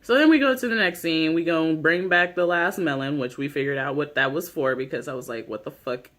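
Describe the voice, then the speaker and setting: Guy doing a casual show recap, slightly high voice, rambly, lots of "like", swears a ton. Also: a little fast, fairly bright tone. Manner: rambling, heavy use of "like" and "you know"; swears freely, slangy.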